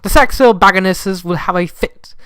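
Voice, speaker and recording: A man's voice: high-pitched, moderate pace, bright, forceful tone, clean tone, dry recording. A young man who just woke up, reading a fanfiction aloud with casual commentary and frequently breaking into giggles. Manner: giggly, easily breaks into laughter. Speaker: fanfiction reader.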